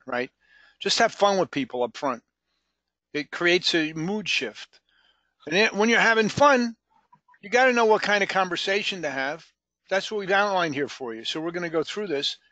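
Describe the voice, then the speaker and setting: A man's voice: high voice, sharp tone, no room sound. Upbeat man hosting a sales call. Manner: upbeat, joking, calls on people by name. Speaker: sales training host. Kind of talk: live group training call.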